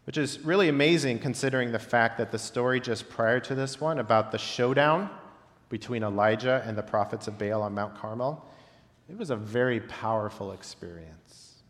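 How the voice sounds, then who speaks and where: Man preaching in a reverberant hall. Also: mid-range voice. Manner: reflective, with long pauses and softly dropped phrase ends. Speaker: pastor. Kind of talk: sermon. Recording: long reverb of a large hall.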